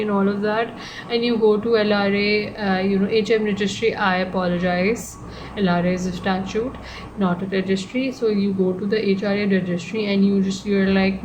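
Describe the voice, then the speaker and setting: A woman tutoring law in a relaxed, rambling way, fixing her own slips and tossing in little jokes. Her pitch sits in an ordinary middle range. A clear hum of background noise runs under the recording. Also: moderate pace. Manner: chatty, digressive, self-correcting, joking asides. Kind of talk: casual online lecture.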